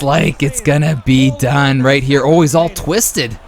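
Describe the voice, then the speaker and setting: A man hosting his own channel, giving casual, excitable play-by-play commentary on a simulated boxing video game and tossing in "man" and "brother" as he talks. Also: mid-range voice, measured pace, gravelly, soft background music. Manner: excitable, jumps to loud exclamations at big moments. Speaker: YouTube sports host.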